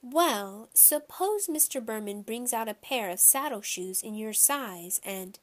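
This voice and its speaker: A woman's voice: fairly high pitch, expressive, measured pace. A woman voicing a fussy, anxious mother of two boys, fretful and pleading. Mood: scheming.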